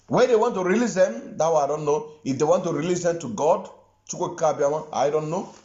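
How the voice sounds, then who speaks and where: Igbo-accented male commentator, high animated voice, repeats himself for emphasis, muffled echoey room. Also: brisk. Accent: Nigerian Igbo. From southeastern Nigeria. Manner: emphatic, repeats phrases for stress. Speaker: online commentator. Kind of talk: impassioned social media commentary.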